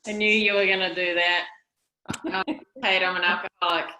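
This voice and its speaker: A woman's voice: lowish voice, flat delivery, moderate pace, pushed and bright. A woman with a New Zealand accent sharing at a recovery meeting on a video call, chatty and wry about herself. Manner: chatty, wry self-deprecating humor. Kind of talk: personal share at a meeting. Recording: echoey room.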